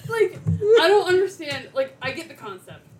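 A woman's voice: sits high, big pitch swings, moderate pace, crowd noise. A woman co-hosting a podcast in casual chat, playful and laughing often. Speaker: podcast co-host. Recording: clear background hiss.

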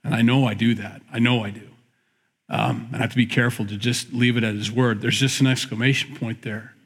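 A man's voice: medium pitch, flat delivery, brisk, breathy edge. A middle-aged man preaching a conversational sermon, reading scripture and then musing on it in a reflective, searching way. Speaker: pastor.

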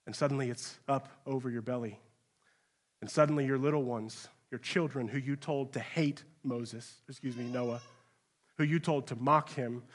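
A man, a pastor, preaching a sermon in a church, speaking straight to his listeners with rhetorical questions and swinging between hushed, grave passages and raised, urgent ones. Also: fairly high pitch.

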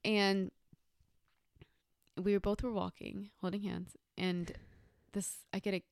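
A woman in her thirties co-hosting a casual podcast, telling a story and getting animated as it builds. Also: takes it slowly, gravelly, smooth, no room sound, clean studio sound. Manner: animated storyteller, rises high when excited. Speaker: podcast co-host.

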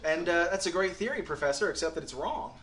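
A pastor with a fairly high, expressive voice talks fast as he delivers a sermon in an echoey hall. Earnest and folksy, he swings between quiet and emphatic passages.

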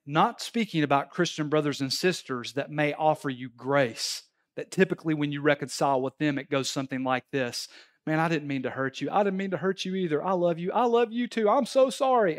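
A male pastor preaching a sermon at a church service, telling stories and pressing his points emphatically. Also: on the high side. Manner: animated, emphatic storytelling preacher.

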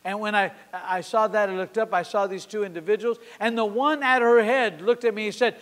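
A man in his sixties preaching a sermon at a church service. He tells a story with passion, swinging from sudden loud peaks to quiet drops. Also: sits high, fairly even intonation, fairly quick, hardly any pauses. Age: 60s. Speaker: pastor. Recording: long hall reverb.

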